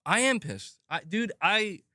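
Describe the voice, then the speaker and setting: A man's voice: sits high, expressive, measured pace, bright, forceful tone, no echo, studio quality. Furious profane gaming streamer man. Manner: angry, profane, repetitive outbursts. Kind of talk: live stream rant.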